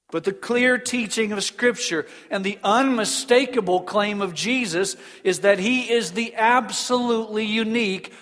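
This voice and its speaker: A man preaching a sermon in an earnest, emphatic way, slowing down on key phrases. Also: high voice, a bit bright. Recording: long reverb of a large hall.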